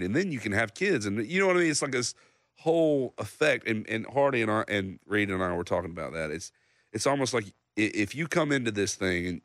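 A songwriter in his thirties telling a story in casual chat, acting out other people's lines in a loud, high voice. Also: no room sound, clean studio sound. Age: 30s. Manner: animated storyteller, acts out loud high-pitched quotes of others. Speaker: songwriter guest.

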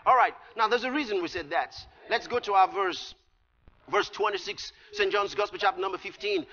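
A man preaching a sermon, explaining scripture with emphatic delivery that rises to shouts. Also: high voice, lively intonation, normal speed. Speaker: pastor. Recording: lo-fi recording with long hall reverb.

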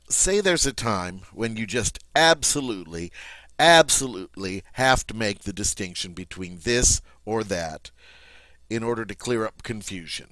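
A man's voice: on the low side, fairly bright tone, no room sound. A man teaching a French grammar lesson, emphatic and repeating "all right" often.

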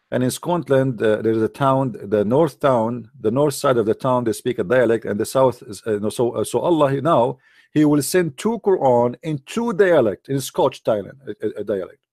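A man's voice: mid-range voice, creaky, darkish tone, dry recording, clean studio sound. A man hosting a religious debate, talking in a mocking, emphatic way with a lot of repetition. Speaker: debate host. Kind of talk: argumentative religious debate talk.

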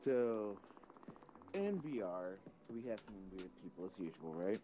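A young man in his twenties tells a long, rambling story over voice chat while streaming a game, his pitch leaping all over as he laughs between lines. There is a clear hiss of noise under the recording. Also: big pitch swings, unhurried, mellow. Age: 20s. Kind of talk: casual chat while gaming.

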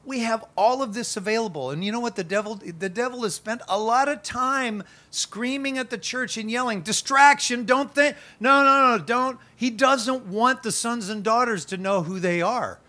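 A man pastor preaching a sermon at an outdoor worship gathering, conversational and energetic with playful asides. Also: high voice, moderate pace, hardly any pauses.

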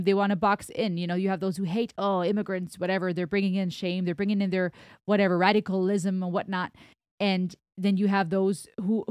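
A woman's voice: mid-range voice, darkish tone, dry recording, studio quality. A woman from Germany with an American accent, giving reflective reaction commentary on a song as host and explaining her thoughts at length.

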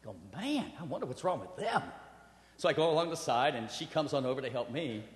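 A man preaching a sermon and telling a personal story, animated, with acted quotes and laughter. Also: on the high side, fairly quick. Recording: roomy hall with long reverb.

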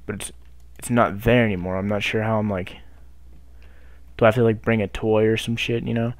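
A man's voice: fairly low pitch, flat delivery, a little fast, no echo. Young male gamer on a desk mic, hyped and cussing at the screen. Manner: loud, hyped, swears constantly, talks to the game. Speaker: gaming YouTuber. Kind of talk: profane gameplay commentary.

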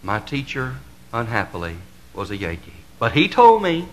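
A man's voice: mid-range voice, huge pitch swings, moderate pace, rough recording. A man from the American South with a Southern drawl, a pastor preaching an impassioned sermon that builds to emphatic crescendos in a repetitive rhetorical cadence.

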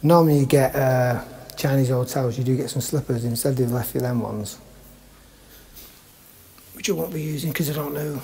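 A man's voice: medium pitch, vocal fry, mellow, slight background noise. A man with a Manchester accent chatting through a casual vlog walkthrough of a small hotel room and stairwell, with jokey, wry asides. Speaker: travel vlogger reviewing a hotel.

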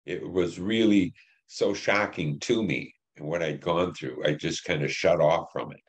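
An older man in his seventies, a veteran from Detroit, telling war memories in an interview, plain and halting with many fillers. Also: deep voice. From Detroit, Michigan. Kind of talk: oral history interview.

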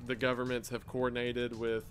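A man delivers scripted explainer narration in a mid-range voice, steady and explanatory, now and then dropping a dry, wry aside. Soft music plays faintly under his voice. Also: mid-range voice, brisk.

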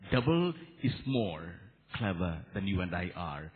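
A man from India preaching a sermon as a Catholic priest, animated, asking rhetorical questions of his listeners. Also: sits low, moderate pace. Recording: echoey hall over a tinny narrow line.

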